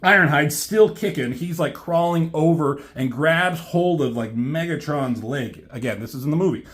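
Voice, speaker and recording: A man reviewing a comic in a casual, rambling way, swearing often and filling pauses with ums. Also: fairly high pitch, a bit bright. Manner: rambling, swears a lot, many fillers. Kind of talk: casual chat.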